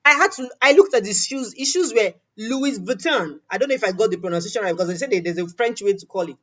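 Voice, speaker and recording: A woman hosting an interview, telling a story in lively, acted-out dialogue. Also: mid-range voice, fast talker. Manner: animated, quotes others in acted-out dialogue. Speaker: interview host. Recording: dull lo-fi audio.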